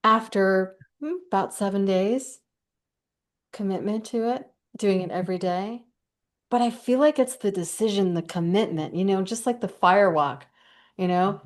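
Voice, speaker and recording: A woman's voice: mid-range voice, normal speed. Enthusiastic woman sharing life lessons. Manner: animated and enthusiastic, speeds up when excited. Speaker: guest. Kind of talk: conversational podcast talk.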